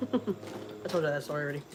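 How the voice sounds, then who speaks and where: A middle-aged woman from Texas, telling a story in a casual, emotional way to her vlog viewers and repeating words as she goes. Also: low-pitched. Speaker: family vlogger.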